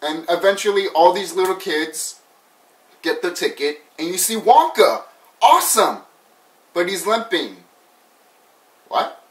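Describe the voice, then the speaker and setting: Male vlogger, somewhat high voice, loose profane movie-review chatter, distant mic in a roomy space. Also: big pitch swings, a little slow, pauses often, a bit bright. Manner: rambling, swears a lot, laughs often.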